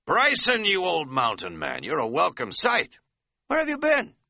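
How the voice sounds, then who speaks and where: A man's voice: sits high, wildly swooping pitch, moderate pace, pushed and bright, no echo, clean studio sound, voice pushed up, exaggerated voice. A man voicing a scatterbrained middle-aged hiking buddy who talks in a folksy, rambling, self-mocking way. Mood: cheery relieved. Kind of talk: audiobook character voice.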